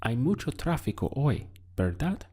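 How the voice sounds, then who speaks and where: A man teaching a Spanish lesson, speaking deliberately and pausing so the learner can answer. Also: lowish voice, lively intonation, darkish tone. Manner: slow, deliberate teaching with pauses for learner practice. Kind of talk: video language lesson.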